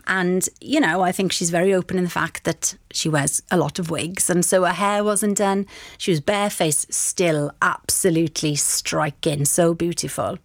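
A woman, a guest in a casual interview, telling an anecdote with animated delivery and acted-out quotes. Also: fairly low pitch, normal speed, dry recording, studio quality. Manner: animated storytelling, acting out quotes.

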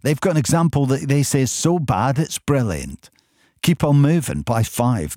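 Male radio host, mid pitch, chatty and amused, dry studio mic. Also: animated, moderate pace, mellow, no echo. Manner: chatty, amused, reads lyrics aloud with relish. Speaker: radio presenter. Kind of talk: radio phone-in chat, reading listener messages. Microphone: studio microphone.

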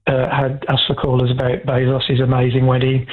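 A man calling in to a radio phone-in, speaking haltingly with many pauses and fillers. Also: medium pitch, completely flat delivery. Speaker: caller. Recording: tinny phone line.

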